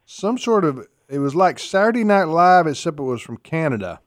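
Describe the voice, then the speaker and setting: A man's voice: on the high side, sing-song, moderate pace, dry recording, studio quality. A man hosting a call-in trivia radio show in a folksy manner, taking callers and reading out phone numbers. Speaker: radio host. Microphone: studio mic.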